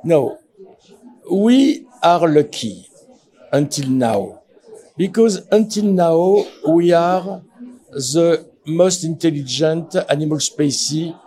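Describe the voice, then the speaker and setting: A man with a slightly high but warm, mellow voice answers an interview question. He jokes at his own expense. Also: animated, slow pace, rough recording. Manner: self-mocking, joking.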